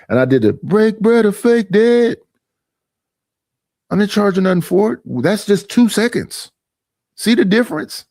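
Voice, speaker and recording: A man's voice: high voice, big pitch swings, unhurried, pauses often, a little mellow, no room sound, studio quality. Aggrieved middle-aged man ranting on stream. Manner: aggrieved, repetitive, mimics others in quoted voices. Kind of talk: casual livestream rant.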